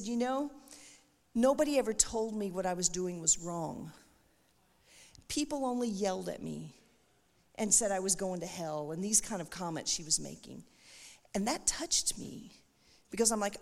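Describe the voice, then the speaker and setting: A middle-aged woman giving an animated church testimony, acting out the voices of the people she quotes. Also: fairly high pitch. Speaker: missionary speaker. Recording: echoey hall with long reverb.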